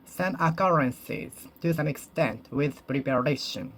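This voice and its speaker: A native Japanese speaker practicing English alone, slowly repeating and rephrasing each sentence and correcting themselves as they go. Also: mid-range voice, animated, fairly bright tone. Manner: slow, careful, deliberate. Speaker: English learner. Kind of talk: solo speaking practice monologue.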